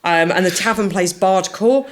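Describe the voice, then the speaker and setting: A woman's voice: medium pitch, moderate pace. A middle-aged woman, chatting enthusiastically as a podcast guest. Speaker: podcast guest, social media marketer. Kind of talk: casual chat.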